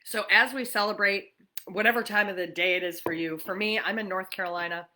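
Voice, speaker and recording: A chatty woman from New York hosts a relaxed morning livestream, greeting viewers by name as they arrive. Her voice has a bright, forceful edge, sitting at an ordinary middle pitch. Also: fairly quick. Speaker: livestream host. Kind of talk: casual livestream chat.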